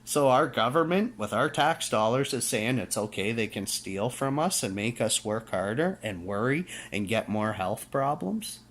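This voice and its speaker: A man's voice: lowish voice, animated, measured pace, hardly any pauses, fairly bright tone. Fiery preachy Canadian man ranting. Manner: emphatic, repeats "okay?" and restarts. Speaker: vlogger. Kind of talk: casual rant to camera.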